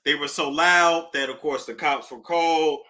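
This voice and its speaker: A woman hosting a casual celebrity gossip talk, animated, with nervous laughter and dramatic gasps. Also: sits low, moderate pace.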